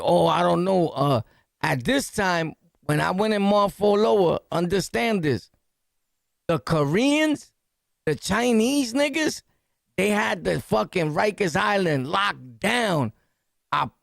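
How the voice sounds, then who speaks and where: High gravelly New York man. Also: takes it slowly, no room sound, clean studio sound. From New York City. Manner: animated, slangy, punchy storytelling with sound-effect words. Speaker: podcast host. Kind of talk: storytelling jail anecdote.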